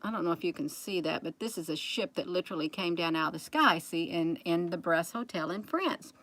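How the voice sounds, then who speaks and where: A woman's voice: on the low side, lively intonation, a little fast, a bit bright. A woman hosting a casual livestream, rambling and chatty as she keeps talking straight to her viewers.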